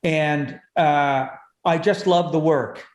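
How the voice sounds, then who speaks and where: A man tells comic stories at a rapid clip, painting vivid pictures as he goes. His voice sits a little high. The room around him rings with a noticeable echo. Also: fairly even intonation. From Canada. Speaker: guest comedian. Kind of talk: animated storytelling chat. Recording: echoey room.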